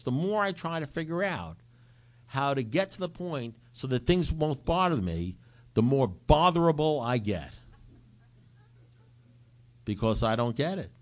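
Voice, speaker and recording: A middle-aged man giving a recovery talk, telling his story with animated acted-out dialogue. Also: medium pitch. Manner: animated storytelling, acts out both sides of dialogue. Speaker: recovery speaker.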